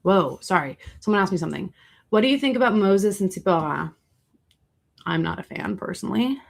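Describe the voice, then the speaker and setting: A young adult woman hosting a casual livestream, answering viewer questions with chatty, animated storytelling and asides. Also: medium pitch, a little fast, creaky.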